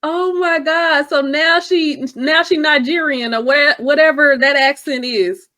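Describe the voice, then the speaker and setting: A woman's voice: sits high, steady tone, measured pace, bright, forceful tone. A woman co-hosting a reaction show, sassy and mocking as she roasts a caller. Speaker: co-host reacting to clips. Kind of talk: casual reaction commentary.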